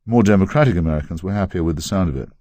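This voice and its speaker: An English man narrating his memoir as an audiobook in a wry, measured, ironic way. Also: deep voice, expressive, mellow, dry recording. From England.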